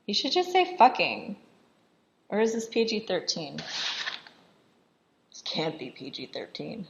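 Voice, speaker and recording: A woman's voice: medium pitch, huge pitch swings, unhurried, gravelly, a little hiss or hum. A woman casually recapping a film in chatty commentary, saying "like" constantly and laughing often. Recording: dull lo-fi voice recording.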